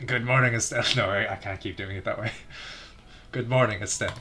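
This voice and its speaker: A man voicing a calm, dry-witted teenage boy while reading game dialogue, with a measured delivery. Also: on the low side, slight background noise.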